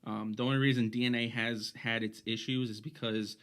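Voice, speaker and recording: A man's voice: medium pitch, little pitch movement, brisk, a bit bright. A man co-hosting a casual podcast, rambling through his points with many restarts and fillers. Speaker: podcast co-host.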